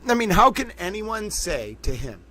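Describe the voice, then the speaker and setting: Guy hosting a stream, heated commentary, keeps repeating himself, slightly high voice. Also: sing-song, normal speed, sharp tone. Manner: emphatic, repetitive, rhetorical questions. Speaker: livestream host. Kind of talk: impassioned livestream commentary.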